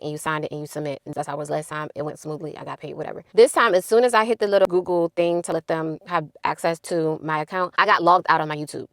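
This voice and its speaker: Young woman vlogger, low voice, quick and animated, dry close sound. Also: no room sound. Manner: animated, addresses viewers as y'all. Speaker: YouTuber. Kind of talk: casual storytelling vlog.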